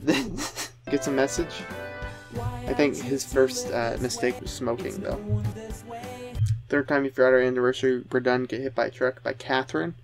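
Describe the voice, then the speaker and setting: A man's voice: medium pitch, moderate pace, pauses often, music in the background. A man giving sarcastic video commentary, rambling with frequent restarts and asides. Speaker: commentary youtuber.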